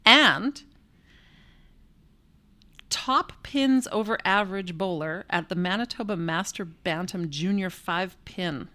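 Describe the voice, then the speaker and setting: A woman's voice: lowish voice, slow pace, long pauses, bright, forceful tone. A woman co-hosting a podcast in casual chat, playful and jokey, laughing often. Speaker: podcast co-host.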